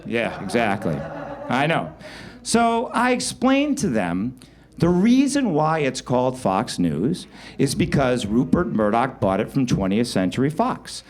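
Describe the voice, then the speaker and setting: Lively man telling a comic story. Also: mid-range voice, a little slow. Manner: wry, animated delivery with sudden loud outbursts. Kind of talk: live comedic storytelling. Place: live show venue.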